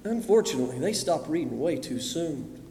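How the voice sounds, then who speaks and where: A man preaching a sermon, swinging between loud emphasis and hushed asides. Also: a little high, very animated, moderate pace. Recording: echoey hall with long reverb.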